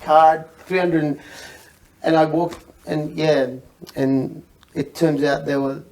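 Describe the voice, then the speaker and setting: A man from Egypt telling a comic story on a panel, animated, acting out the people in it and laughing through his lines. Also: fairly high pitch, slow pace, far from the mic, low-quality recording. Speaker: comedian guest.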